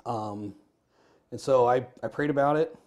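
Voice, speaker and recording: A middle-aged man, a guest in an interview, telling stories in a lively, animated way and acting out dialogue. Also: medium pitch, measured pace. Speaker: guest, former firefighter and business owner. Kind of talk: casual interview storytelling. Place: Arizona.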